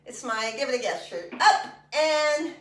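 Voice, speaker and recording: A woman's voice: sits high, lively intonation, measured pace. A woman guiding an exercise class, giving step-by-step cues and joking between them. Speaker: fitness instructor. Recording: echoey room, mic far off.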